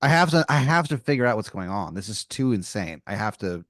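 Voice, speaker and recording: A man plays along in an improvised comedy podcast. He reacts excitably with a lively, swinging voice and swears bluntly. The sound is close and dry. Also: lowish voice, fairly quick, no echo. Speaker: podcast guest playing along.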